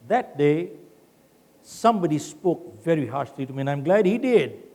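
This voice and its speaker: Older man, lively keynote storyteller, big hall echo. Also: a little high, measured pace. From India. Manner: animated storytelling with acted quotes. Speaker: keynote speaker. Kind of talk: motivational keynote speech. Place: large conference hall. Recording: long hall reverb.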